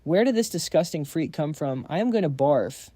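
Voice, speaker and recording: A man's voice: fairly high pitch, animated, moderate pace, mellow, no room sound, clean studio sound. A man voicing an unhinged, taunting male bomber villain in a comic recap.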